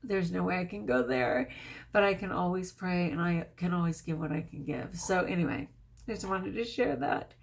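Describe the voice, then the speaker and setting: Middle-aged woman vlogger, fairly low voice, earnest and prayerful storytelling, emotional. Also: moderate pace, creaky. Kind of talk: casual storytelling vlog.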